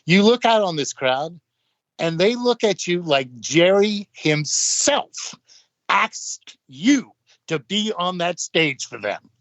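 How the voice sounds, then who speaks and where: A man's voice: sits high, big pitch swings, takes it slowly, fairly bright tone, dry recording. An older man, a guest musician, telling casual stories and acting out what others said. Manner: rambling, acts out quotes of others. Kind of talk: casual anecdotal storytelling. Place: podcast studio. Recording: dull, dry studio audio.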